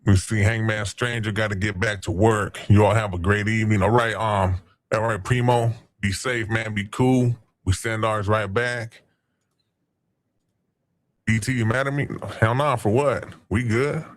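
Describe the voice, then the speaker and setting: Man, livestream host, slangy street talk, swearing, lowish voice, shout-outs to the chat. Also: fairly even intonation, measured pace. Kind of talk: casual livestream chat reading the chat.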